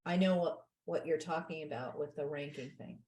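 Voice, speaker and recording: A woman's voice: low-pitched, normal speed, darkish tone. A woman hosting a business networking group, casually thinking aloud on a group video call.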